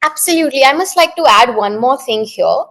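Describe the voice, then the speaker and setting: A woman from India, an IELTS instructor and communication coach, explaining step by step in a brisk interview, often checking in with tag questions. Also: high voice, animated, a bit bright.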